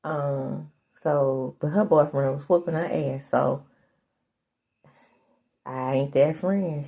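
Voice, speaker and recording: A middle-aged woman from Mississippi hosting a casual podcast, chatty and animated, full of slangy asides. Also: low-pitched. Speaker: podcast host recapping a TV soap. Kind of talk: casual chat.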